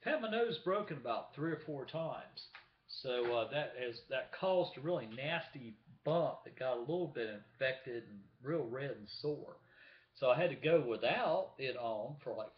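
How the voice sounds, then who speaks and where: A man talking casually to the camera in a vlog, chatty, showing things to the viewer. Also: mid-range voice. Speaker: vlogger. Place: room at home with window open. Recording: echoey room, dull lo-fi sound.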